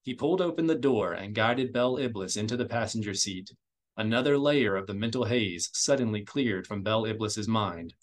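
A man reading an audiobook in steady, measured storytelling narration. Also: fairly low pitch. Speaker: audiobook reader.

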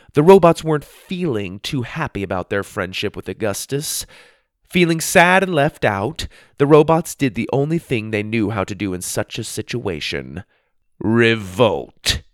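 A man narrating a children's storybook in an expressive, playful reading. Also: medium pitch, no room sound, studio quality.

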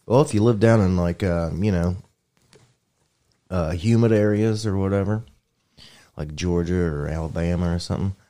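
A man with a very low voice talks loosely and swears freely, tossing off crude jokes as he rambles through a casual chat. His delivery is offhand and teasing. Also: normal speed, long pauses, warm tone. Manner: profane, joking, rambling.

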